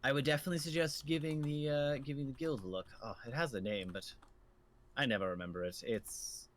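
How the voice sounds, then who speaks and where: A man voicing a kindly older woman innkeeper in a tabletop game, talking haltingly with many ums and uhs. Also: medium pitch, pitched above the performer's own voice, close to an everyday voice. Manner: hesitant, full of ums and uhs.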